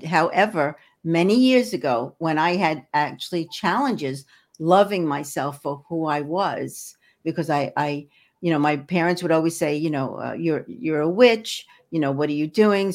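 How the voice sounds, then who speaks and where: A woman's voice: low-pitched, normal speed. An older woman guest, an energy healer, talking earnestly in an interview and often repeating words as she searches for them. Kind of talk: casual interview talk.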